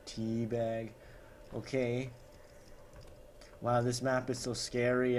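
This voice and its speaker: A man's voice: mid-range voice, flat delivery, slow pace, pauses often, darkish tone, slight background noise. A man doing comedic gameplay commentary as a gaming YouTuber parody, overexcited and full of gasping exclamations, with sarcastic asides.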